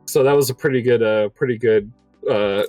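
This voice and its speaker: Young guy rambling through a story on a podcast, lots of likes and ums, dry close sound, even middle pitch. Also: moderate pace, no echo, faint music behind. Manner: rambling, heavy on filler words, laughs through his own story. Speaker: podcast co-host telling a story. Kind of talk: casual chat.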